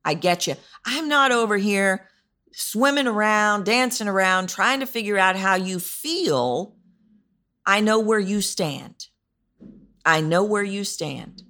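A woman's voice: mid-range voice, animated, measured pace, bright, forceful tone. A woman hosting a solo podcast, teaching about voice and delivery in an emphatic, repetitive way. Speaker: podcast host, voice coach.

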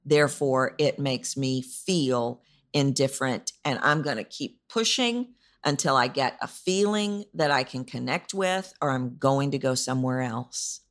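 Host, female, low register, emphatic voice-coach podcast delivery. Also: measured pace. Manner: emphatic, repetitive, demonstrates vocal delivery. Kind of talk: solo podcast teaching.

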